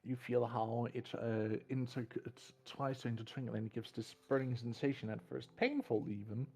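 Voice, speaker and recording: A man narrating as game master in a tabletop game, slow and descriptive, often restarting his words. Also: mid-range voice, warm tone, slightly rough. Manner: deliberate, descriptive, with frequent restarts.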